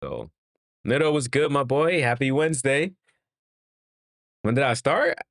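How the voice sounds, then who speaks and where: Excitable man calling a game live. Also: mid-range voice, measured pace, gravelly, no room sound, clean studio sound. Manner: excitable, talks to the players and chat, laughs often. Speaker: fan watch-along host doing play-by-play. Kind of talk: casual live play-by-play commentary.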